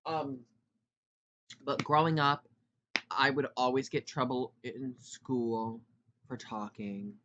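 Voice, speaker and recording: A man in his twenties hosting a casual solo podcast, talking fast and loud with rambling asides. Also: mid-range voice, fairly even intonation, dull audio, noisy background. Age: 20s. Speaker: podcast host.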